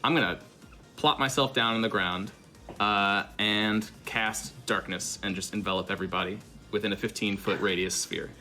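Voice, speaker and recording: A man lays out his character's moves with a bright, forceful tone. His voice sits low and cuts through, with faint music underneath. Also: moderate pace. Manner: decisive, declaring actions. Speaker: player. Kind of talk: tabletop game play.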